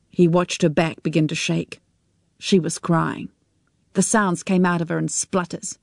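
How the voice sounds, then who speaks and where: Woman reading a story aloud, slow and steady, dry close mic. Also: lowish voice, creaky, dry recording. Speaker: narrator. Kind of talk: audiobook narration of a drama.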